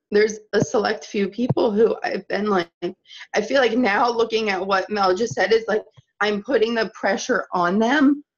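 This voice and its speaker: A young woman on a group call, emotional and close to tears, talking in a halting, breathless way full of "like". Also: medium pitch, highs cut off. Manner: breathless, halting, many likes. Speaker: team leader, call participant.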